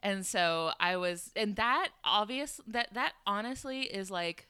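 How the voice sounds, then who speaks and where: Podcast guest, woman: crisp voice, dry close mic, chatty storyteller, lots of fillers. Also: mid-range voice, a little slow, no echo. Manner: animated, laughing often, many fillers. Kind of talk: casual storytelling chat. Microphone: home podcast microphone.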